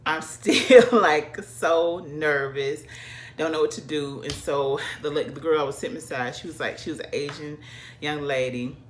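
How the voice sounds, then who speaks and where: Low-voiced woman telling a story. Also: moderate pace, a little hiss or hum. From American South. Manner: animated, chatty, addresses viewers as y'all. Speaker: vlogger. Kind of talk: casual storytelling.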